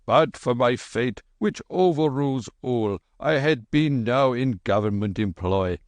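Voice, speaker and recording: A man's voice: mid-range voice, lively intonation, measured pace, dry recording, natural voice. A man voicing a boastful, long-winded middle-aged quack doctor with a thick, heavy voice in an audiobook. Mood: pompous. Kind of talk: audiobook character voice.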